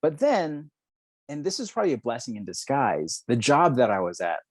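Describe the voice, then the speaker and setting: A podcast guest from New Mexico, United States, a law student in his thirties, tells candid personal stories and reflects earnestly on his life, often restarting sentences. His mid-range voice swoops wildly in pitch at normal speed on a dry recording.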